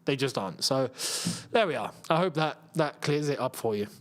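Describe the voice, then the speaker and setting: A man's voice: mid-range voice, expressive, moderate pace. A young English man hosting a football watchalong, chatting casually with viewers and explaining things at length with lots of fillers. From England. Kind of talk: casual live-stream chat and commentary.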